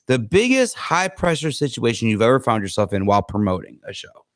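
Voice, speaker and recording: Guy hosting a podcast, bouncy pitch, dry sound, laughs along. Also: big pitch swings, a little fast, no echo. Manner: asks questions, laughs along. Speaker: podcast host. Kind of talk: casual interview.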